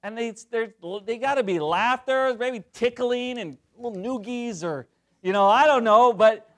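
A middle-aged man preaching a sermon, jokey and animated, swinging from loud to hushed. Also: very high-pitched, a little slow. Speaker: pastor.

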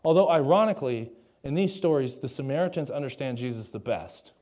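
Young guy preaching, chatty and jokey, keeps asking the crowd stuff, normal pitch. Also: lively intonation, brisk, a little mellow. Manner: conversational, jokey asides, asks the audience questions. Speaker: pastor. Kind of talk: sermon.

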